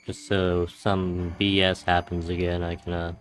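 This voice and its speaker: A man's voice: low-pitched, completely flat delivery, measured pace, soft background music. A man casually commenting on a horror game as he plays, reading the on-screen text aloud and tossing out exasperated, sarcastic asides. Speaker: let's play gamer.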